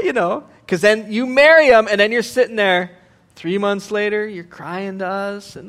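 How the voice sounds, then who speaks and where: A middle-aged man preaching a sermon as a pastor, animated and joking, acting out voices as he goes. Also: high voice, measured pace.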